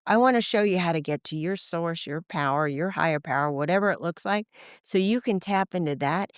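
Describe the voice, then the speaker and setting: A woman's voice: on the low side, brisk, smooth, dry recording, studio quality. A woman in her sixties, a podcast guest, telling stories casually and acting out the dialogue in different voices. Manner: animated, acts out quoted dialogue in voices; frequent filler "like". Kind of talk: casual conversational storytelling.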